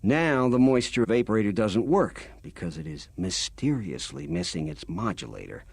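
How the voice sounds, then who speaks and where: Game NPC: a husky, bitter farmer, lively low pitch. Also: male voice, moderate pace, dry recording, heavily acted. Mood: aggrieved. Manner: complaining, bitter. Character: weary aggrieved male farmer settler, middle-aged. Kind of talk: video game voice acting.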